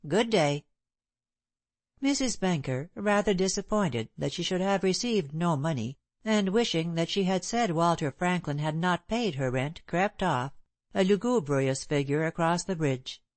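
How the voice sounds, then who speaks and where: Low-voiced woman reading an audiobook. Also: expressive, moderate pace, dry recording. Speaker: audiobook narrator. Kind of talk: scripted narration.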